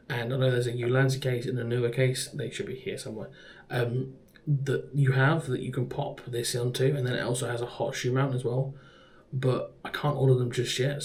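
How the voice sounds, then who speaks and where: A young man, chatting casually to camera in a home vlog, joking and laughing as he goes. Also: mid-range voice. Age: young adult. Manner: chatty, jokey, laughs often. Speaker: vlogger.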